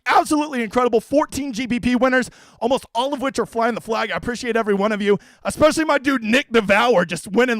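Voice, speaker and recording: A man's voice: very high-pitched, fairly bright tone, no room sound, poor audio. A man streaming about fantasy golf, brash and profane, out of breath. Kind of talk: hyped comedic stream talk.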